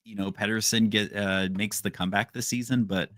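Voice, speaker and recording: A man's voice: on the low side, steady tone, brisk, a bit bright, dry recording, studio quality. A man co-hosting a podcast, chatting casually and hesitantly with many fillers. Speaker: podcast co-host. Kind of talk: casual chat.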